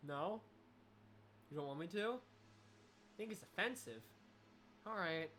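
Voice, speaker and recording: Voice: medium pitch, animated, slow pace, a bit bright, a little hiss or hum. A game developer giving casual playthrough commentary, joking, swearing and reading the game's dialogue aloud.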